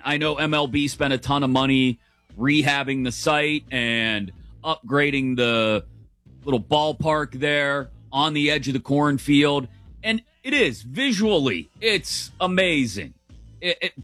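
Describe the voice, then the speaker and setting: A middle-aged man holds forth on a morning sports talk show, chatty, opinionated and quick to laugh. His voice sits close and dry on a studio mic, with faint music playing underneath. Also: medium pitch, a bit bright, no echo. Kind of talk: casual sports radio commentary.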